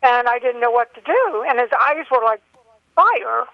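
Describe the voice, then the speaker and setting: An older woman calling in by telephone, telling a long personal story in an earnest, halting way with many fillers. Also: a little high, expressive, no echo. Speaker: caller. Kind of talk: phone-in call. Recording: dull telephone line.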